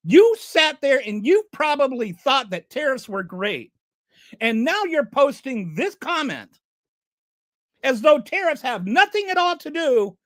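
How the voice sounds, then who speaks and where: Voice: high-pitched, a bit bright, no echo. A channel host giving an exasperated, sarcastic rant of political commentary.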